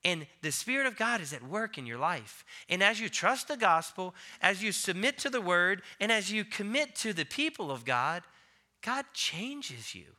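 A man in his thirties preaching a sermon, telling a family story with soft asides and loud emphatic peaks. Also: sits high, sing-song, normal speed. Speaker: pastor.

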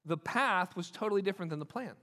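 A bright, high-pitched male pastor delivers a sermon with animated, repeated emphasis. His voice rings through the long reverb of a large hall. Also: fast talker. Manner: animated, repeats points for emphasis, acts out quoted people.

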